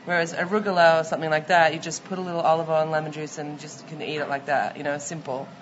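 Low-voiced woman with a light melbourne accent, chef type, relaxed, lots of ums, faint hiss. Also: fast. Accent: mild Melbourne Australian. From Australia. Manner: explains with fillers, relaxed. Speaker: restaurant owner and chef. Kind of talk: casual interview answers. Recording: muffled recording, faint background noise.

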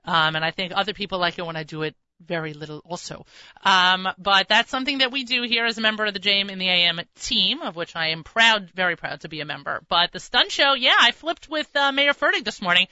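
A woman's voice: medium pitch, lively intonation, fairly quick, sharp tone, no room sound. Woman radio host, chatty and self-mocking, vivid, cutting voice, dry, slightly muffled broadcast sound. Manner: chatty, trips over words, self-mocking. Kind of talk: casual radio chat. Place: radio studio.

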